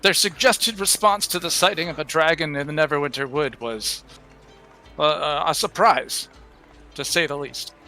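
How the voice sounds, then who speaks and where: A man voicing an elderly, gentle and worried temple priest who talks haltingly, with many restarts and sighs. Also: on the high side, faint music behind. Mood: weary, grave. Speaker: game master. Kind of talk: in-character tabletop roleplay.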